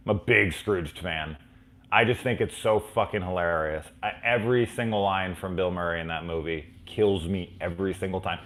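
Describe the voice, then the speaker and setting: Low-voiced man telling rambling stories. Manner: rambling anecdotes with frequent swearing. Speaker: host of a horror movie review show. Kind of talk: casual live chat answering fan questions.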